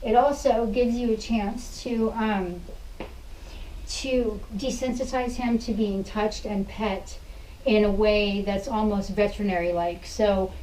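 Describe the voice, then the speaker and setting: A woman dog trainer talks a client through a hands-on lesson with patient, plain explanations, breaking off now and then to coo praise. Her voice is mellow and soft-edged. She sits some distance from the mic, with faint ambience behind her. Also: medium pitch, steady tone, slow pace, slight background noise.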